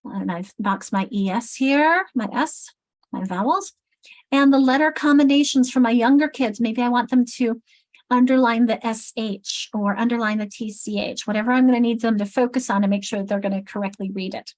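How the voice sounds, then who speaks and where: Woman, middle-aged, somewhat high voice, teacher trainer, explains while writing, self-correcting. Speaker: literacy trainer.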